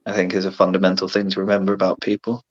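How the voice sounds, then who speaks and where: A low-voiced man speaks earnestly and rambles, often restarting mid-thought. His voice comes through a dull, lo-fi remote call line, muffled and narrow. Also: completely flat delivery, rapid-fire. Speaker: guest actor. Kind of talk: casual chat. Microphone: remote call over Wi-Fi.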